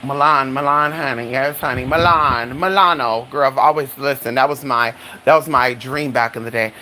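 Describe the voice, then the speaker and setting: A sassy, flamboyant live-streamer in casual chat with viewers, calling them honey and girl and swooping high on dramatic exclamations. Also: normal speed, pushed and bright, slight background noise, low-quality recording. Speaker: livestreamer.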